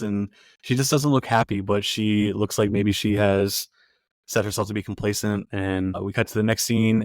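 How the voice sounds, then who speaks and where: A man hosting a podcast, casually recapping a film scene and acting out its lines in a quieter voice. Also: fairly low pitch, dry recording. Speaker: podcast host.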